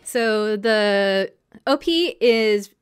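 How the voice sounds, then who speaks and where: A woman hosts a podcast in a loose, conversational way, walking through each episode. She talks at an everyday pitch and keeps things chatty, often breaking into quick imitations of the characters. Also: expressive, clear, resonant tone, faint music behind. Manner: chatty, acts out characters' lines in quick asides. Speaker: podcast host. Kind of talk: casual chat recapping an anime.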